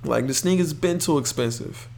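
A young man hosting a podcast, talking casually and excitedly about basketball, rambling with lots of fillers and restarts. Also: a little high, moderate pace, creaky, slight background noise. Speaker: podcast host. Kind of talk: casual solo sports talk.

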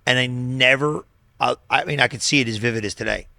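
Middle-aged guy pastor on a podcast, bright forceful voice, dry sound. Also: mid-range voice, fairly quick, creaky, no room sound. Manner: chatty, affirms often with short interjections. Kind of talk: casual podcast talk.

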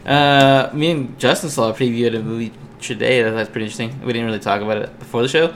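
A man's voice: mid-range voice, steady tone, quick pace, a little hiss or hum. A man hosting a podcast, joking and playful in casual chat with friends. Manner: joking, playful, laughs a lot. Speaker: podcast host.

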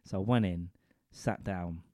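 A man with a low, mellow voice tells a vulgar comic anecdote into a studio microphone. He rambles and keeps asking his listeners "right?" as he goes. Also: a little slow, dry recording.

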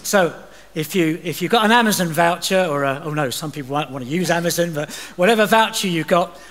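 An English man preaches a sermon, reading scripture aloud and breaking off for chatty, joking asides. His voice sits a little high. The church around him gives a long, trailing reverb. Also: lively intonation, brisk, fairly bright tone. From England. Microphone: livestream recording.

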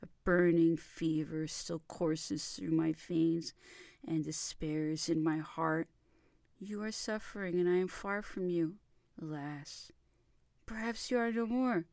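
A woman reads an old love letter aloud in a slow, deliberate, impassioned way. Her voice sits a little low, and the recording is dry and close, with no room around it. She sometimes drops to a soft whisper. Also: vocal fry, no room sound. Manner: impassioned, theatrical delivery with soft whispered passages. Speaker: reader.

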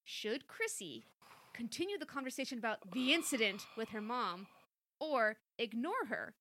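A woman's voice: a little high, very animated, moderate pace, sharp tone. A woman co-host reading a story aloud for laughs, in a playful, giggly manner.

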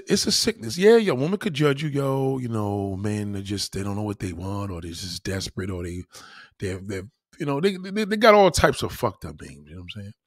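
A young man hosts a livestream, ranting bluntly and profanely in casual talk and frequently starting his sentences over. His voice is medium in pitch and slightly rough, captured dry with studio quality.

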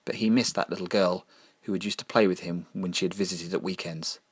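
A man narrating a dark horror story in a measured, grim storytelling manner, slowing down to lean on key phrases. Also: deep voice, fairly even intonation, slightly rough, no room sound.

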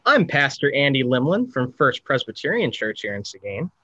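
A man pastor who co-hosts a podcast, introducing himself in a lively way. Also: mid-range voice, normal speed, muffled recording.

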